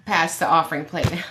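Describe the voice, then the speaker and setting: A woman's voice: low-pitched, a bit bright, a little hiss or hum. A woman special education advocate giving blunt, emphatic advice with sassy asides on a live question-and-answer show.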